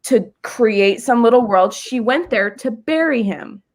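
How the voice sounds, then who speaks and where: A woman's voice: a little high, lively intonation, measured pace. A woman hosting a casual fan discussion over a video call, earnestly explaining at length. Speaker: show host.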